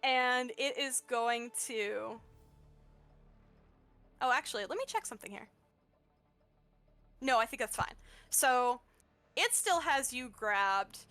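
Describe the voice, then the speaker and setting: A woman's voice: a little high, slow pace, long pauses, bright, forceful tone, faint music behind. A woman running a tabletop game as game master, narrating unhurriedly with plenty of fillers.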